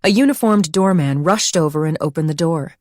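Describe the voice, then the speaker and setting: A woman narrating an audiobook in a steady, measured reading style. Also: low voice, no room sound, clean studio sound. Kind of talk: scripted narration.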